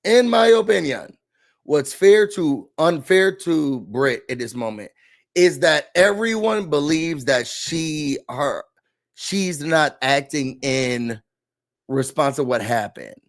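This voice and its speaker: A man hosting a casual reality TV recap, talking in an animated, dramatic way with slangy asides. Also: fairly high pitch, slow.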